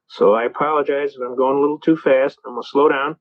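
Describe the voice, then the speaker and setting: Fast-talking folksy man, lo-fi. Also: mid-range voice, steady tone. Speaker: speaker on self-representation in court. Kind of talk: folksy storytelling lecture. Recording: dull lo-fi recording.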